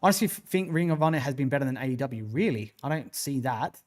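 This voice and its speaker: A man's voice: medium pitch, expressive, fast talker, darkish tone. An Australian man hosting a wrestling livestream, giving opinionated, rambling commentary, answering chat and swearing freely. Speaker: wrestling show host.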